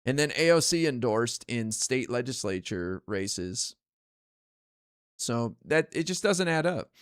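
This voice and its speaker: A man's voice: mid-range voice, animated, takes it slowly, smooth, no echo, clean studio sound. A man ranting casually on his stream, exasperated and profane, rambling with lots of fillers. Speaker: political streamer.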